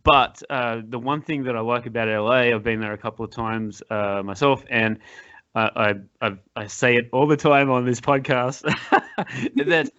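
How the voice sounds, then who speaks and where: A man's voice: medium pitch, fairly even intonation, moderate pace, a bit bright, clear, resonant tone, dull audio. A man hosting a podcast, asking rambling questions with many restarts in casual chat. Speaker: podcast host.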